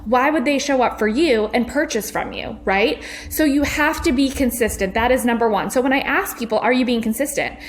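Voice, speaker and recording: Woman, podcast host, chatty and upbeat, fairly high voice, home kitchen. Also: fairly quick, few pauses. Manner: chatty, upbeat, folksy with "y'all" and "sis". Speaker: podcast host and network marketing coach. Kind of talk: casual motivational podcast talk.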